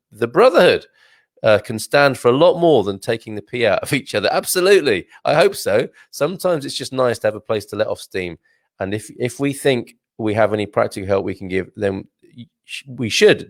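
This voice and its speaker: A man's voice: mid-range voice, no room sound, studio quality. A man hosting a casual live stream, chatting in a rambling way, laughing often and restarting his sentences. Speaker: host reading viewer comments.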